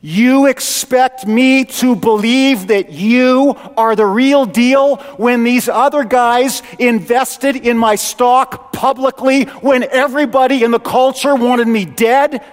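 A man's voice: extremely high pitch, slow, big-room sound, voice pushed up. A man playing a stern, reproachful king. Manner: reproachful, questioning. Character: stern returning male king, demanding.

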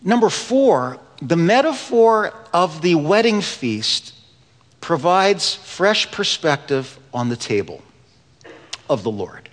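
Man, pastor, slightly raised pitch, earnest sermon, quiet to emphatic, long hall reverb. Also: sing-song, slow. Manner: earnest storytelling preacher, swings between hushed and rising emphasis. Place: church sanctuary.

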